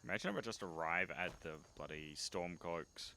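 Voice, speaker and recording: An Australian man talks over his gameplay in a very deep, low-pitched voice, cracking crude jokes and swearing in sudden bursts. A steady hiss of background noise sits clearly under his voice throughout. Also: normal speed. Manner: swearing, joking, bursts of exclamation. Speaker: streamer. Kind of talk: casual gameplay commentary.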